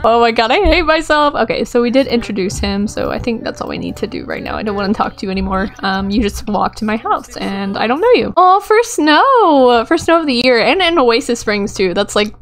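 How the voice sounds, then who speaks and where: A young woman chatting through a game session with a fairly high voice. She giggles often and talks straight to the characters on screen, and her voice is still a little rough as she gets over a cold. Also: sing-song, brisk, hardly any pauses. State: recovering from a cold, voice a bit rough. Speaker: gaming YouTuber. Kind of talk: casual gameplay commentary.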